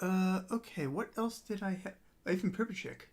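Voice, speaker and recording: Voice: mid-range voice, moderate pace. A musician chatting casually on their own livestream, rambling with many ums and frequent laughs.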